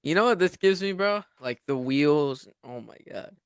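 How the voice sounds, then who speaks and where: Excited male co-host reacting, smooth clear voice, dry close sound. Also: a little high, normal speed, dry recording. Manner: excited, slangy. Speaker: livestream co-host. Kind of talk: casual reaction chat.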